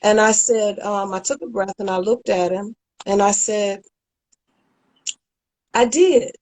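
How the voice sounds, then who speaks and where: A woman's voice: mid-range voice, normal speed, poor audio. A woman guest in a casual chat, telling a story animatedly and acting out what people said. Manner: animated storyteller, acts out quotes.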